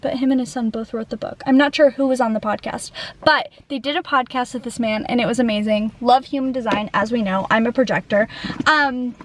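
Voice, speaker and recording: A woman's voice: fairly high pitch, a little fast. A young woman in her twenties chatting casually in a vlog, swearing freely and saying "like" constantly. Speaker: vlogger. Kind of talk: casual chat.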